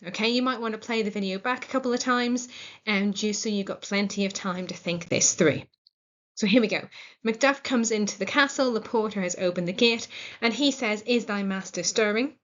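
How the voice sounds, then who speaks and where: A woman's voice: mid-range voice, brisk, muffled recording. English woman teaching a literature lesson. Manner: clear, explanatory, encouraging. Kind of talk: recorded video lesson.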